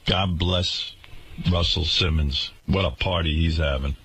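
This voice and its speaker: A man's voice: sits low, unhurried, fairly bright tone, breathy edge, dry recording. A man hosting a radio talk show, delivering an indignant, sarcastic rant to his listeners.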